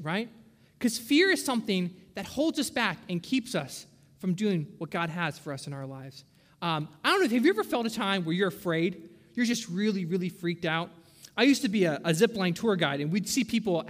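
A man's voice: sits high, big pitch swings, fairly quick. A young man preaching a sermon, chatty and conversational, often checking in with "right?". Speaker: pastor. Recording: long hall reverb.

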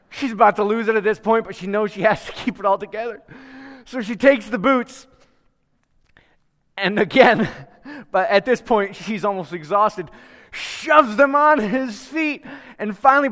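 A man preaching in a church in a fairly high voice, talking with the congregation and putting questions to them instead of lecturing. His voice trails off into a long hall reverb. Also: a bit bright. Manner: conversational, asks the congregation questions. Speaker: pastor. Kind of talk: sermon with prayer and storytelling. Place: church sanctuary with a live congregation.

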